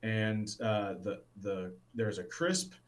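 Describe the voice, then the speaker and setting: A man's voice: fairly low pitch, lively intonation, slow pace, rough recording. A man co-hosting a casual sports talk show, enthusiastic and rambling, with plenty of restarts. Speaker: sports podcast co-host.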